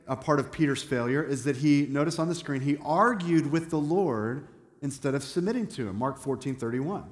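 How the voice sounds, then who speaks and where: A man preaching a sermon as pastor, animated, acting out quoted voices and dropping self-deprecating asides. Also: mid-range voice. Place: church sanctuary. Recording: echoey church hall.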